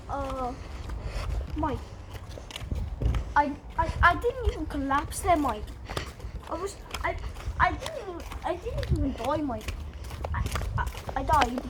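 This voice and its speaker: A woman playing a brash, bumbling Australian male nature explorer in a comic mock nature show, in an Australian accent, stumbling over words and calling everyone "mate". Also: high voice. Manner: says "mate" constantly, stumbling restarts, boastful. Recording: loud background noise.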